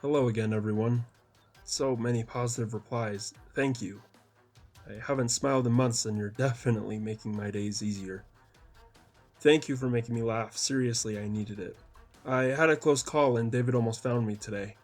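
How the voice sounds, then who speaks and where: A man's voice: mid-range voice, steady tone, normal speed, darkish tone, soft background music. A man reading his own story aloud as audiobook narration, with mild voices for the quoted lines.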